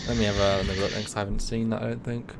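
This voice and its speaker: A man co-hosts a loose livestream chat with a lowish voice, tripping over restarts and drifting into asides. A faint rumble hums behind him. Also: flat delivery. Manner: rambling, restarts, quick asides. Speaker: co-host.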